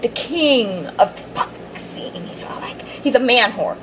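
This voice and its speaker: A woman's voice: on the high side, animated, measured pace, background noise. A young woman giving a casual, rambling video review of fan fiction, hyper and gushing, with many fillers and restarts. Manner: bubbly, rambling, fangirling, lots of fillers and restarts. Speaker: fanfiction reviewer.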